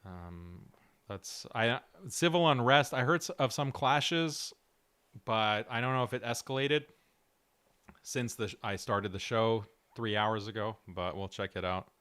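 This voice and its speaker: A man's voice: lowish voice, fairly bright tone, clean tone. A male show host with a strained, cracking voice, talking earnestly through a livestream and answering chat. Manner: earnest, direct, slightly halting. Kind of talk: livestream talk reading chat.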